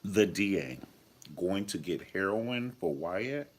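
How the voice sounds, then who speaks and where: Sassy deep-voiced man reviewing a show. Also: animated, slow pace, a little hiss or hum. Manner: flamboyant, sassy, profane. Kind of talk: casual review vlog.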